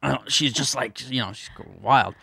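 A man's voice: mid-range voice, moderate pace, gravelly, sharp tone, slightly rough, dry recording. A man co-hosting a podcast, rambling through a story in a casual chat and swearing often. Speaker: podcast co-host.

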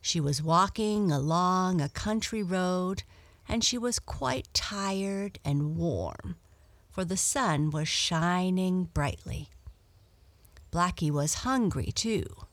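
A woman reading a children's book aloud in a slow, gentle, steady storytelling manner. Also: on the low side, dry recording.

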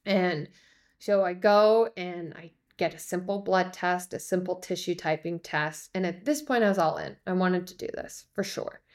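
A woman, a podcast guest, telling a personal story in a lively way and acting out the voices of the people in it. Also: fairly low pitch, moderate pace. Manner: lively, acts out quoted voices. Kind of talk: conversational storytelling.

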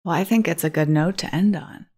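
A woman's voice: lowish voice, fairly quick, darkish tone. A woman co-hosting a podcast, talking in a thoughtful, rambling way with many fillers. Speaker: podcast co-host. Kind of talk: casual chat.

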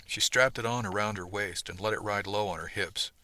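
A man reading a first-person story aloud, steady and conversational. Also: lowish voice, a little fast, a little hiss or hum. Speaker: audiobook narrator. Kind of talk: first-person audiobook narration.

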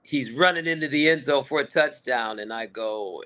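A man with a bright, forward voice, telling stories in a relaxed interview. He talks in an easy, conversational way and sometimes breaks into a big play-by-play call. The pitch sits in the middle. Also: normal speed, hardly any pauses. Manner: animated storyteller, bursts into booming play-by-play calls. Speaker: guest sportscaster. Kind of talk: storytelling in a podcast interview.

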